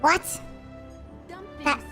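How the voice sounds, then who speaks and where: A woman's voice: extremely slow, a bit bright, faint music behind. A woman streamer putting on a baby-talk voice while chatting to her viewers, giggling and breaking down into laughter. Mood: silly. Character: squeaky baby-talk version of herself.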